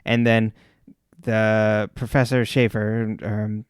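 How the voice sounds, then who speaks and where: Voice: mid-range voice, flat delivery, takes it slowly, clean tone, no echo, studio quality. A co-host of a podcast in casual chat, laid-back and agreeable, recapping a TV episode.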